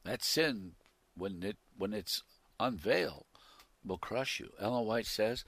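A man preaching a sermon who swings from loud, emphatic declarations to quiet asides and reads scripture with rising intensity. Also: lowish voice, lively intonation, slow, gravelly, no room sound.

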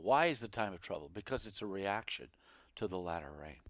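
A man preaching a sermon, dramatic, swinging from hushed lines to emphatic outbursts. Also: on the low side, no room sound, studio quality.

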